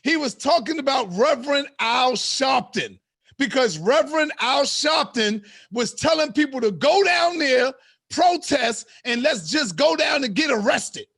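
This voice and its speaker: Loud preaching man, high gravelly voice. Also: expressive, a little slow, no echo, studio quality. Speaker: host. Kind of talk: heated live-stream debate.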